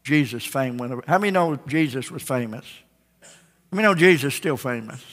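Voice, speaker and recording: Forceful, folksy preacher in a church hall. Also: male voice, medium pitch, animated, a little fast. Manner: folksy, emphatic preaching with jokes. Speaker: pastor. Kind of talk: sermon. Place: church sanctuary.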